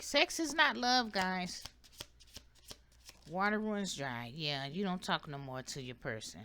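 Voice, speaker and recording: Woman tarot reader, low and bright, emphatic and preachy. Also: a little hiss or hum. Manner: emphatic, preachy, repeats "okay?" often. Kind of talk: casual spiritual advice monologue.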